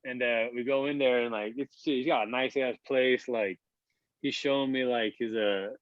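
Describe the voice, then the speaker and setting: A man's voice: mid-range voice, steady tone, moderate pace, dry recording. A man in his thirties, a podcast guest, telling a long story casually, rambling and swearing with lots of filler words. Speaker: podcast guest, basketball player. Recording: dull, dry lo-fi sound.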